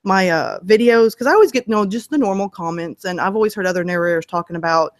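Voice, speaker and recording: A woman's voice: medium pitch, fast talker, no room sound, clean studio sound. A woman guest in a casual interview, telling stories in a chatty way and laughing often. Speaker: interview guest, story narrator.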